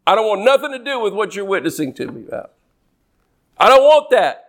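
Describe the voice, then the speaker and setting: A male preacher, delivering a lively sermon and mimicking complainers in whiny voices. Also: high-pitched, a little fast. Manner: animated, mocks worriers in whiny put-on voices.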